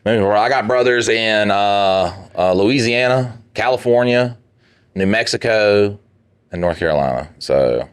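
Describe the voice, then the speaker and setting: A man's voice: fairly low pitch, animated, measured pace, clean tone, dry recording. A man co-hosting a podcast, reading listener stories and joking with heavy profanity. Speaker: podcast co-host. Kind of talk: casual podcast banter.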